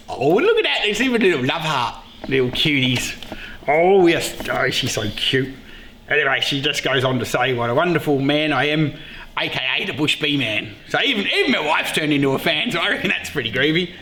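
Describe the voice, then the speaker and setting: A middle-aged man hosting a casual beekeeping vlog, joking excitedly and swearing freely. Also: a little high, fairly quick. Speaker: beekeeper and show host. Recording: echoey room with loud background noise.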